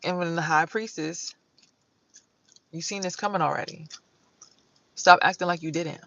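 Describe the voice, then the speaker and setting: Bright-voiced blunt woman reading tarot. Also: fairly low pitch, moderate pace, creaky, no room sound, muffled recording. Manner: blunt, animated, slangy, breaks into song. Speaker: tarot reader and vlogger. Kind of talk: casual tarot reading vlog.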